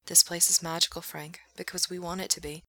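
A woman voicing an earnest, awkward young man who speaks quietly and hesitantly. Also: lowish voice, little pitch movement, a little fast, dry recording.

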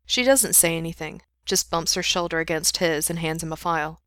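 A woman reads a fan-written story aloud at an even, unhurried pace. Her voice sits on the low side and the sound is close and dry, with no room around it. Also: dry recording. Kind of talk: reading fan fiction aloud.

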